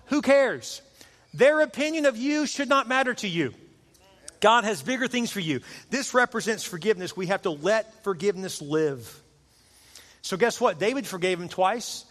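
Animated preacher in a reverberant hall. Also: male voice, high voice. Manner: animated storyteller, acts out characters with voices. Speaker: pastor. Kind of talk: sermon.

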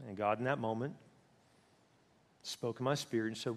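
Hall reverb surrounds a middle-aged man with a mid-range voice as he preaches as a pastor. He's passionate, shifting dramatically between fast, loud bursts and slow, quiet moments.

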